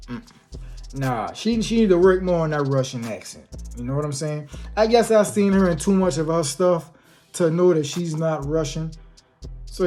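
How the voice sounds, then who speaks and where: A man's voice: a little high, a little mellow. A man giving a casual, opinionated movie review in a slangy, conversational way, full of rhetorical asides.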